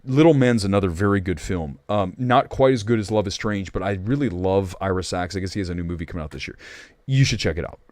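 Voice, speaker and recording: A man's voice: low-pitched, fast talker, darkish tone, dry recording. A man hosting a casual livestream movie chat, opinionated and rambling, with restarts and asides. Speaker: movie talk show host.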